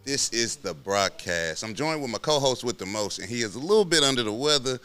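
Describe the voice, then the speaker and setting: A man hosting a casual sports podcast, full of slang and quick hype reactions. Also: mid-range voice, lively intonation, sharp tone, clear, resonant tone. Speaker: podcast host.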